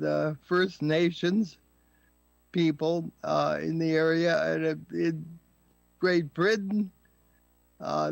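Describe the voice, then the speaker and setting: An older man co-hosting a radio talk show over a remote call, talking in a halting way with many filler words. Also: on the high side, vocal fry, dry recording, dull audio. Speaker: co-host.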